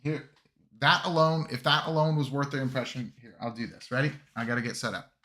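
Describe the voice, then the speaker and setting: A man hosts a casual livestream with a bright, forward tone. He rambles through fillers and restarts and chuckles often. He sounds close to his desk mic. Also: mid-range voice, fairly even intonation, fairly quick. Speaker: streamer reviewing army lists.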